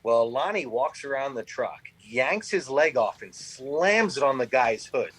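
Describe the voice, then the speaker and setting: A man's voice: medium pitch, a little slow, slight background noise, low-quality recording. A man with a Midwestern American accent, telling a funny hunting story in casual chat as a podcast guest. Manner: animated anecdote, quotes people in voices. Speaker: guest, veteran outfit founder.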